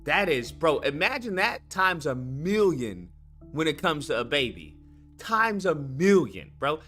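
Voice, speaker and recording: Excitable, profane young man, bright voice. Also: on the high side, a little slow, soft background music. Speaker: streamer host. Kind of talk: casual chat to viewers.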